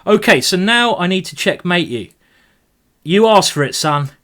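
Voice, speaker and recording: A man talks his way through fast chess games on a live stream. His voice sits fairly high, and he stays excitable and playful, teasing his opponent and calling out moves as he goes. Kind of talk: live commentary while playing blitz chess.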